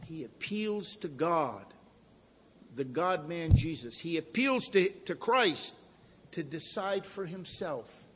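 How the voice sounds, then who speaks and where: High-voiced preacher in an echoing hall. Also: male voice, expressive, a little hiss or hum. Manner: slow, emphatic preaching with dramatic drops to a hush. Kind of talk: sermon.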